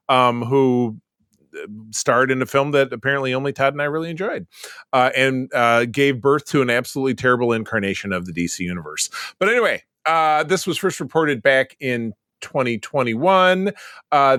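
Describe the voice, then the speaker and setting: Lively gravelly-voiced man chatting. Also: mid-range voice, no echo, studio quality. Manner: animated, laughs often, trails off mid-sentence. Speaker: podcast co-host. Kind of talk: casual chat.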